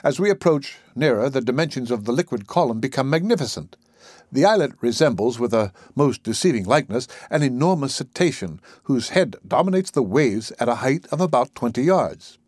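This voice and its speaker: A man narrating a classic adventure novel in the first person, with a husky voice and measured storytelling. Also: medium pitch, a little mellow, no echo, clean studio sound. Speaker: audiobook narrator.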